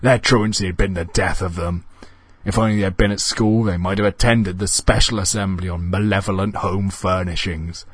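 A man reading a comic horror story aloud in a wry, deadpan way. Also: low voice, moderate pace, breathy edge, dry recording, studio quality.

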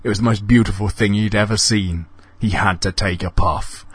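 A man narrating a comic ghost story in a deadpan, mock-dramatic way. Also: fairly low pitch, moderate pace, breathy edge, no echo.

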